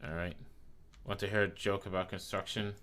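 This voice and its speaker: A man's voice: sits low, level tone, brisk, fairly bright tone, a little hiss or hum. A male streamer chatting casually while he plays, teasing his chat playfully and swearing freely.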